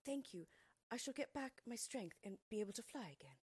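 A woman voicing a gentle, grateful swallow in a storybook, speaking tenderly and coaxingly in a husky voice. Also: on the high side, sing-song, a little fast, dry recording, pitched above the performer's own voice.

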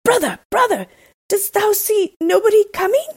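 A woman voicing a frightened young husband who pleads and cries out in a high voice. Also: expressive, moderate pace, a little mellow, dry recording, studio quality. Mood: pleading.

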